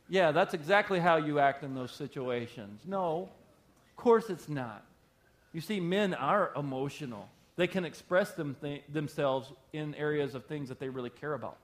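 A man's voice: on the high side, normal speed. A man who is a pastor, preaching an emphatic sermon to his congregation with heavy repetition and call-and-response.

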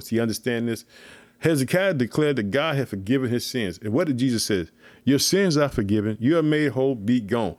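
A man's voice: mid-range voice, a little mellow, dry recording. A man giving an informal sermon on scripture, emphatic and repetitive, calling his listeners family. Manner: emphatic, repeats himself, calls listeners "family". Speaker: preacher teaching scripture.

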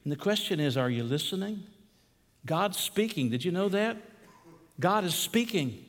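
A man preaching a sermon as pastor, emphatic and slowing down to stress key phrases. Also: high-pitched, expressive, big-room sound.

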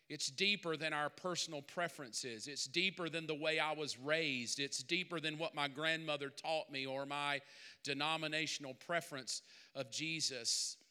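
A man's voice: a little high, sharp tone, clear, resonant tone. A male pastor preaching a sermon, talking conversationally and then building to emphatic peaks. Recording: long reverb of a large hall.

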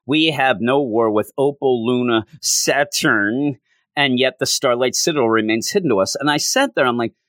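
A man's voice: moderate pace, fairly bright tone, dry recording. Male comic reviewer, casual rant, sarcastic mimicry, dry close sound. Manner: exasperated, pitch jumping high in frustration; mocking mimicry of characters.

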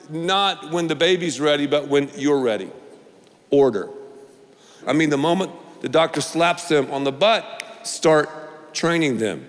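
A man's voice: on the high side, in a large hall. A male pastor preaching a sermon, emphatic and repetitive, with playful asides.

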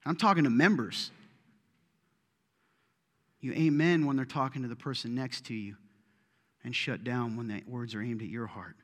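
A middle-aged man preaching a sermon to his congregation, swinging between loud bursts and hushed asides. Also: fairly high pitch, moderate pace. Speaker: pastor. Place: church auditorium. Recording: reverberant hall.

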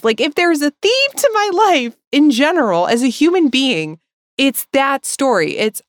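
A woman with a fairly high voice talks in a rambling, emotional way on a podcast, laughing often. She sounds tearful. The sound is dry and close, with no room echo. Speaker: podcast co-host. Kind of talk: casual heartfelt chat.

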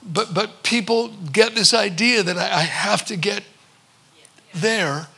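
A man in his sixties preaching a sermon, telling stories and slowing for emphatic pauses. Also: high voice, gravelly, pushed and bright, breathy edge. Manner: storytelling, with slow emphatic pauses. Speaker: pastor.

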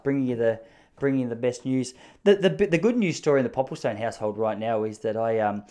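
A man's voice: mid-range voice, a little mellow. A young Australian man hosting a solo podcast from a spare room at home, telling rambling, self-mocking stories. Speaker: podcast host. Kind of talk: casual solo podcast monologue.

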